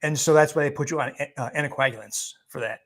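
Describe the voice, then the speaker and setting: A guest physician answers questions from viewers live, his voice a little high. He keeps things brisk and emphatic, chuckling often and flatly dismissing bad advice.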